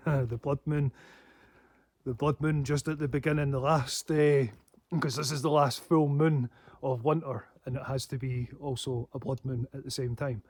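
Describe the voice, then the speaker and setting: A man's voice: mid-range voice, steady tone, normal speed, darkish tone. A man rambling in a casual vlog monologue, swearing often and breaking into laughs. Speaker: paranormal vlogger.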